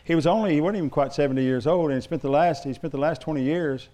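A man's voice: fairly high pitch, quick pace, warm tone. A middle-aged male pastor preaching a sermon, telling stories in a loose, rambling way with restarts.

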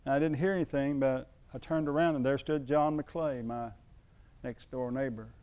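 A middle-aged man preaching a sermon, moving from quiet storytelling to emphatic calls to the congregation. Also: mid-range voice, fairly even intonation, normal speed, smooth. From United States. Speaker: pastor.

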